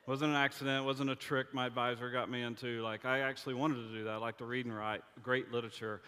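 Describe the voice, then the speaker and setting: A man's voice: mid-range voice, level tone, fast, pushed and bright, smooth. A man preaching a sermon as a pastor, casual and joking, often stammering and restarting his sentences. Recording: long reverb of a large hall.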